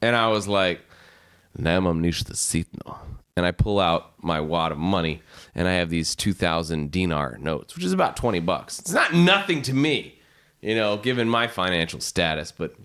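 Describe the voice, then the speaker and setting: Animated profane man telling stories. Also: low-pitched, normal speed. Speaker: podcast guest. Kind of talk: casual storytelling.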